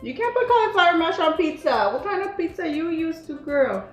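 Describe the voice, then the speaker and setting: A woman's voice: very high voice, big pitch swings, fairly quick. A woman hosting a casual home cooking demonstration, chatty and teasing, with many fillers. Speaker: cooking channel host. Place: home kitchen. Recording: echoey kitchen, faint music.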